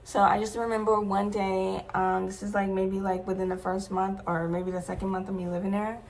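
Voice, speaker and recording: Her delivery is flat, a little fast and a little mellow, in a medium-pitched voice with slight background noise. She's a young adult woman vlogger sharing a personal story in a casual, slangy, emphatic way, full of remarks to her viewers.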